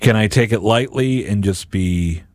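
A man's voice: fairly low pitch, a little slow, darkish tone, no room sound, clean studio sound. A middle-aged man, a radio and podcast host, giving a Catholic reflection on Scripture and acting out imagined voices in quotes.

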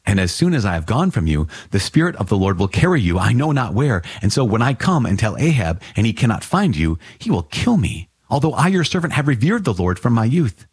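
Deep, husky man reading scripture. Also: big pitch swings, a little fast, few pauses, a little mellow, no room sound. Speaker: Bible reader.

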